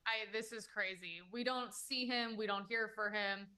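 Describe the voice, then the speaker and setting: A woman's voice: medium pitch, fairly even intonation, normal speed, sharp tone. A woman giving opinionated commentary in a casual exchange, talking emphatically and indignantly, often restarting her sentences. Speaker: commentator guest.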